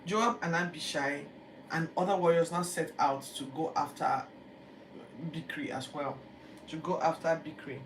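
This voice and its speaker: A Bible teacher, retelling scripture in a lively, chatty way with acted-out quotes. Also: mid-range voice, unhurried. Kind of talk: casual Bible-reading commentary. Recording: echoey room, distant mic, background noise.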